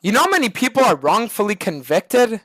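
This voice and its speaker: A man's voice: high-pitched, very animated, brisk, a bit bright, soft background music. A male streamer ranting on a live stream, swearing and arguing hard with chat. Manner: profane, ranting, argumentative.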